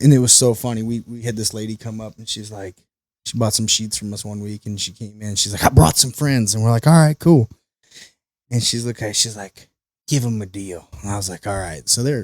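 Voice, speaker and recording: A man's voice: on the low side, no echo. A man from St. Louis telling stories as a podcast guest in casual chat, acting out other people's voices and swearing casually. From St. Louis, USA. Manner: animated storyteller, acts out quoted voices, laughs often, swears casually.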